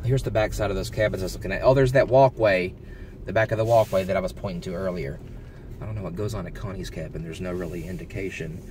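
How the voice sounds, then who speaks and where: Driving through a village, a man films a laid-back vlog, reading out signs and sounding amazed by what he passes. He talks fast in a low voice, with a bit of noise in the background.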